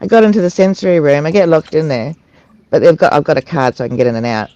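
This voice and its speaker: Adult on a recovery meeting call, stops and restarts a lot, laughs while telling it, mid pitch, kinda muffled call audio. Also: mellow. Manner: halting, frequent restarts and fillers. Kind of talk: candid personal sharing. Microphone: online video call.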